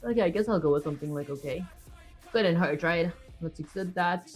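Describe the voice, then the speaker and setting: A woman's voice: fairly low pitch, brisk, soft background music. A woman live-streaming as she codes, talking casually to her viewers, rambling and reaching for words with fillers as she thinks aloud. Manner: chatty, rambling, with filler words and self-talk. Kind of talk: casual livestream commentary while coding. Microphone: streaming setup with webcam.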